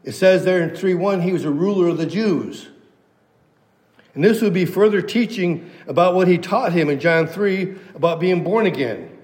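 A man's voice: sits high, normal speed, a little mellow, big-room sound. A man preaching an expository sermon who teaches verse by verse and stresses key phrases through repetition. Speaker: pastor.

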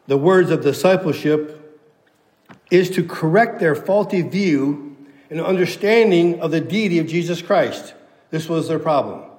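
A man's voice: on the high side, darkish tone, roomy sound, in a large hall. A pastor preaching a sermon to his church, emphatic and repeating key phrases for weight.

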